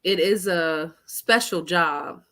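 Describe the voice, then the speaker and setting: A middle-aged woman educator appears as a guest on a talk show. She speaks slowly in a fairly low voice, earnest but hesitant and full of ums. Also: fairly bright tone. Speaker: educator and tutoring business owner, guest.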